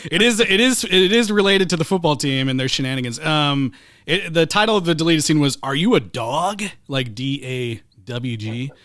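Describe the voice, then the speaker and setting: A man with a high, bright voice chats casually on a podcast. He tells the story with animation, slipping into little acted-out bits and breaking into laughter. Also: moderate pace, dry recording, studio quality. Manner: animated storyteller who acts out scenes with lots of laughing. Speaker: podcast co-host. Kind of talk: casual movie-recap chat.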